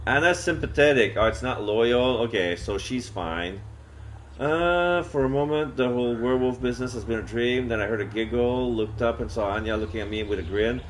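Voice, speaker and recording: A man streaming a solo roleplay game, narrating in first person and breaking off with excited, swearing outbursts. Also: medium pitch, normal speed, a little hiss or hum.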